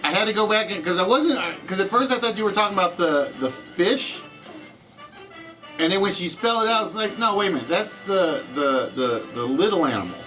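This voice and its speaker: A man's voice: sits high, lively intonation, fairly quick, bright, forceful tone, soft background music, rough recording. A man with a Southern US accent hosting a live-streamed trivia game show, chatting with viewers and answering their comments as he goes.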